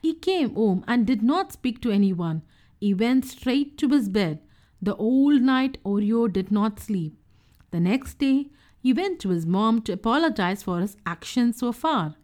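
A woman narrating a children's storybook, reading in a clear, gentle and expressive way. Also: on the high side, measured pace.

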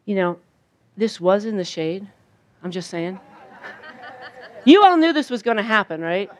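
An older woman giving a sermon at a camp, telling stories and acting out quoted voices in an animated way. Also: mid-range voice, unhurried. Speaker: speaker at a church camp. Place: outdoor camp gathering.

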